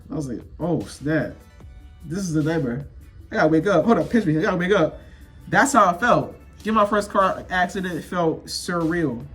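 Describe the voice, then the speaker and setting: Animated young man, husky and high. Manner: animated, repetitive, slangy, addresses viewers directly. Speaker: vlogger telling a story. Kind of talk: casual storytime monologue.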